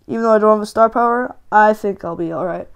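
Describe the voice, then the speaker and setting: A woman hosting a gaming channel and giving live, excitable commentary while she plays, often ranting and shouting in frustration. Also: mid-range voice, fast, creaky, clear, resonant tone.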